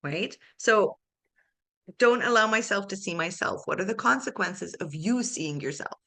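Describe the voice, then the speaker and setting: Bright-voiced woman coach asking probing questions. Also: mid-range voice, lively intonation, a little slow, creaky. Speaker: life coach.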